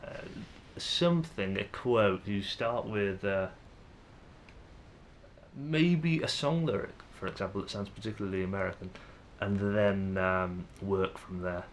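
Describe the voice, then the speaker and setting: A man's voice: lowish voice, a little slow, slight background noise. A young Englishman with an English accent, musing to camera in a rambling, hesitant way with many fillers and restarts. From England. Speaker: vlogger.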